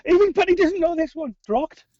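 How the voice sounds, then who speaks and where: A man's voice: very high-pitched, brisk, darkish tone, dull audio. A young man, co-hosting a podcast and teasing his guest with local slang over a video call. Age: young adult. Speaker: podcast co-host. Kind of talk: casual video-call chat.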